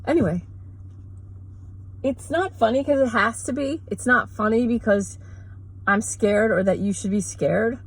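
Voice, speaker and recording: Husky-voiced woman on a sarcastic rant. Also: on the high side, low-quality recording. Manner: mocking, rambling, fast asides. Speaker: vlogger; mother.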